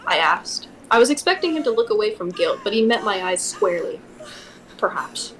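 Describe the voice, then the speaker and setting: A woman's voice: mid-range voice, big pitch swings, a little fast, fairly bright tone, poor audio. A woman streamer reads a novel aloud at her microphone and breaks off now and then with wry asides. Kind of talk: casual reading aloud on a livestream.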